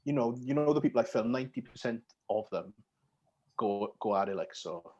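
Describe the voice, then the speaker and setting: A man's voice: mid-range voice, expressive, fairly quick, slightly rough, lo-fi sound. A young man with a Yorkshire accent talks casually on a podcast. He swears freely and lets the ends of his sentences drop away to a mumble. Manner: swears freely, trails off quietly at phrase ends. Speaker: podcast guest, gym videographer.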